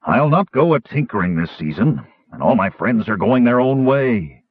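A man voicing a gruff, self-pitying old male dwarf who sighs heavily. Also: medium pitch, lively intonation, moderate pace, no echo, voice pushed up. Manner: gusty, sighing complaints. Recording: tinny phone-like audiobook recording.

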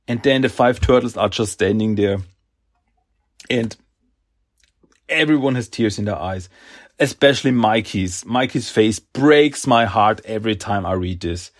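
A man hosts a podcast, casually retelling a comic book story. He talks slowly and haltingly, leaning on fillers and restarts. His voice sits at an ordinary middle pitch. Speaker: podcast host.

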